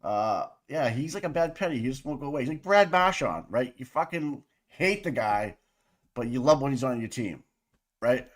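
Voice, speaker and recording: A man hosting a livestream who talks in a loose, rambling way and swears freely. His pitch sits right in the middle for a man, and his delivery is casual chat with the audience. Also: animated, moderate pace. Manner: profane, rambling, chatty. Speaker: livestream co-host.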